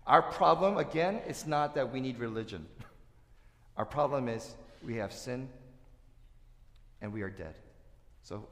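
A male pastor preaching a sermon, animated, swinging between loud emphasis and quiet asides. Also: mid-range voice, unhurried, long pauses. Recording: echoey hall with long reverb.

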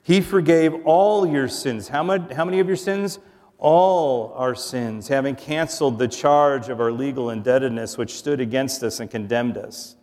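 A man's voice: medium pitch, moderate pace. Man preaching in an echoing hall. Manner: earnest, drops to a soft hush on tender lines. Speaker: pastor. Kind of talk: sermon.

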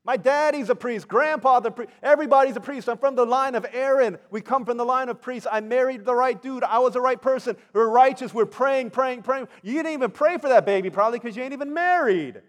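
A man doing a shrill, scolding older woman. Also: brisk, hardly any pauses, big-room sound. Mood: indignant.

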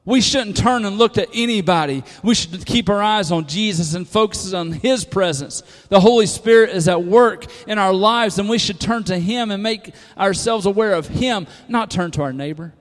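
A man preaching a sermon to a congregation, moving from hushed lines to loud, emphatic calls. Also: sits high, normal speed, hardly any pauses. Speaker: pastor. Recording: long hall reverb.

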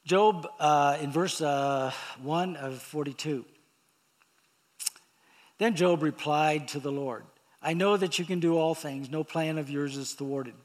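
Male preacher, sermon, fairly high voice, slow and halting, reads scripture then explains it plainly. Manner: unhurried, halting delivery with pauses and fillers.

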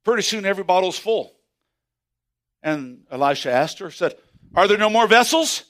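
High-voiced preacher man, fervent and animated. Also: normal speed. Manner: animated preaching with sudden shouts and hushed asides. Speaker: pastor. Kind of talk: sermon.

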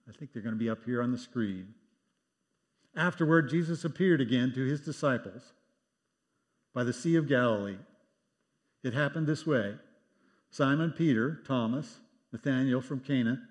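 A man's voice: mid-range voice, a little mellow, in a large hall. A man preaching a sermon, reading scripture aloud and acting out the quoted lines with wry asides, in a church sanctuary. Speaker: pastor.

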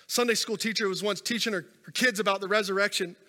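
A man preaching from the stage with a high, bright voice, building his stories up and then dropping to a hush. His words carry a long reverb through a large church sanctuary, picked up by a stage microphone. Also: steady tone, fast talker. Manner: storytelling preacher, rising and falling intensity. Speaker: pastor. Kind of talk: sermon.

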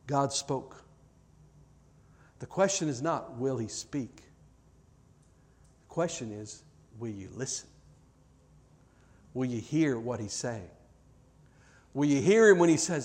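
A man preaching as pastor, earnest and repeating words, rising to loud peaks and dropping soft, then leading a closing prayer. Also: medium pitch, animated, unhurried, long pauses. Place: church hall with live audience.

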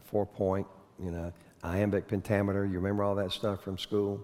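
Low-voiced man teaching a Bible class. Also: little pitch movement, normal speed, dark tone. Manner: conversational, asks the audience questions, cracks corny puns. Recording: long reverb of a hall.

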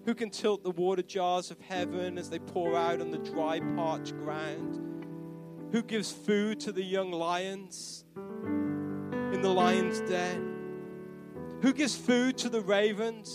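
A man preaches a sermon in a strikingly high voice, with guitar and band music playing beneath him. His delivery swings from hushed, near-whispered pleading to loud, soaring proclamation. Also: fairly even intonation, slow pace. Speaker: pastor. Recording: live church sermon with band playing behind.

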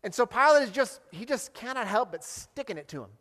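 A man preaching a sermon, explaining scripture with animated delivery and acted-out quotes. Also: extremely high pitch, fairly quick, big-room sound. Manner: animated, acts out quoted lines. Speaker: pastor.

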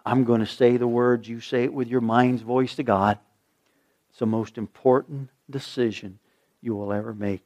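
A male pastor preaching a sermon, swinging from loud emphatic lines to a hushed, slow prayer. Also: mid-range voice, steady tone, lo-fi sound.

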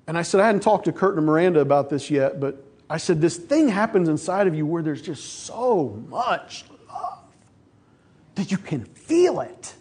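A man's voice: on the high side, moderate pace, husky. A middle-aged male pastor preaching a sermon, telling stories and acting out voices along the way. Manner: storytelling, animated, acts out quoted voices.

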